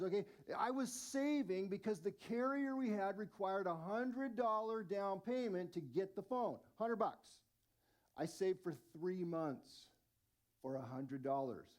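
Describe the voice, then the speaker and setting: A man in his forties preaches with a high, lively voice. He tells self-mocking stories with animated energy, in a relaxed sermon style. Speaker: lead pastor.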